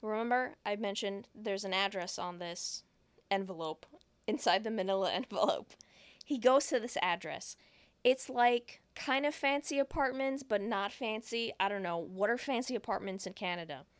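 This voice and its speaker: A woman co-hosting a casual podcast, retelling a film's scenes with quick acted quotes and frequent giggles. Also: mid-range voice, clear, resonant tone, no echo. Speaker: podcast co-host. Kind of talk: casual movie recap chat.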